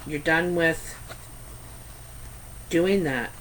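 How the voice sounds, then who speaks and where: Slow, chatty Canadian woman reading tarot. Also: sits low, slight background noise, low-quality recording. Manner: slow, chatty and meandering, with many ums and asides. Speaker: tarot reader. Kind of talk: casual tarot reading to camera.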